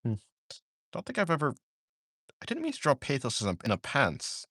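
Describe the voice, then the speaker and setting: A man's voice: mid-range voice, huge pitch swings, fairly quick, a bit bright, slightly rough, no echo, clean studio sound. A young man chatting casually on a live art stream while he draws, rambling and drowsy, often trailing off into mumbles.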